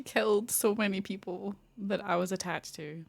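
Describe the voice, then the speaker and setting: A young woman streamer talks casually in a mid-pitched voice, rambling and gushing with plenty of fillers. She swears now and then and drifts from thought to thought. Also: measured pace, vocal fry, few pauses, a bit bright. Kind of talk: casual chat.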